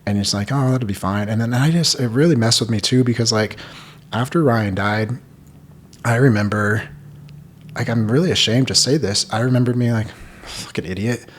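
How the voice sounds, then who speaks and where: Talking at a normal pace in a medium-pitched voice, a man in his thirties who hosts a podcast shares a personal story openly. He rambles earnestly and says "like" constantly.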